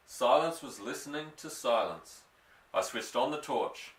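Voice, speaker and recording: Expressive male storybook reader, lively pitch. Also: distant mic. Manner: expressive, slowing for suspense. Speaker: audiobook reader. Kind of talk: storybook narration. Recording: roomy, off-mic.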